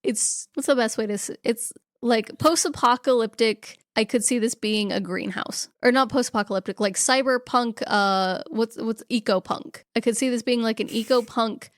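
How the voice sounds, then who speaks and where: A woman's voice: fairly high pitch, normal speed, few pauses, no echo. A woman co-hosting a podcast, casually retelling a movie scene by scene in close detail. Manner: detailed retelling with acted quotes. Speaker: podcast co-host. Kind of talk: casual movie recap chat.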